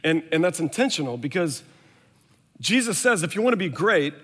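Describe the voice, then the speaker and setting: A man's voice: fairly high pitch, sing-song, moderate pace, a bit bright, long reverb tail. A man in his thirties preaching a sermon, telling a candid story about his own family and acting out what everyone said. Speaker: pastor.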